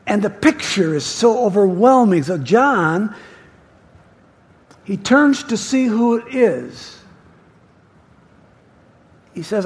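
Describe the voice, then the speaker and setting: Slow, animated male pastor preaching. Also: high-pitched, slightly rough. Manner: emphatic, halting with repeated words. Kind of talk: sermon. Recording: reverberant church hall.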